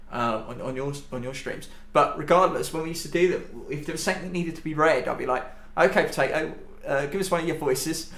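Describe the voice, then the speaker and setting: An enthusiastic podcast host who laughs easily, with a gravelly, creaky edge at a medium pitch. The voice sounds echoey, as if in a bare room. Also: fairly bright tone. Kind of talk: casual podcast chat.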